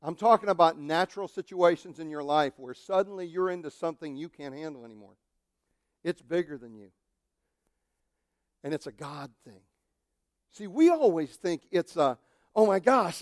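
A male pastor delivers a lively sermon in a high voice. He is animated, slipping into quoted voices and jokes. The sound is dry and close. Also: no echo.

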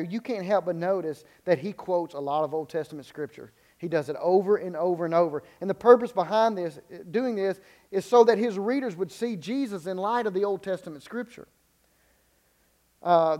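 A man's voice: high voice, darkish tone. A man preaching a sermon in an unscripted way, stumbling and repeating words, then building to emphatic peaks.

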